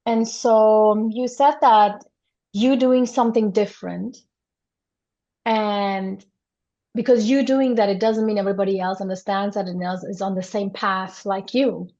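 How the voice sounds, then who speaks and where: A woman's voice: mid-range voice, steady tone, measured pace, mellow. Brief: woman interviewer, encouraging and affirming, dull lo-fi recording. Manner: affirming, frequent agreement sounds. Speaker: podcast host, interviewer. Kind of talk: interview conversation. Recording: dull lo-fi sound.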